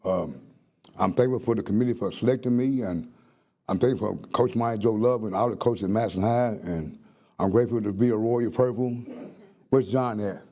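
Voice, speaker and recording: Nervous, halting man. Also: on the low side, warm tone. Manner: nervous, halting, repeats himself. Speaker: hall of fame inductee. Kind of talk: emotional acceptance speech. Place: banquet hall with audience.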